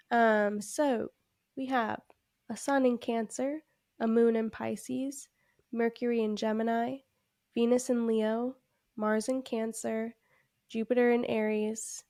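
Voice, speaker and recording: A woman's voice: a little high, dark tone, no room sound. Congested chatty woman, dry close sound. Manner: chatty, heavy use of "like" fillers, laughs often. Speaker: podcast co-host. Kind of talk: casual podcast chat.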